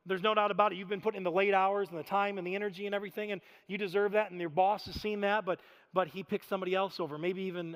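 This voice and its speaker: A man in his thirties preaching a sermon, telling stories in an animated, self-deprecating way with frequent laughter. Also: high-pitched. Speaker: pastor. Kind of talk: storytelling sermon. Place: church sanctuary. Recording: reverberant church hall.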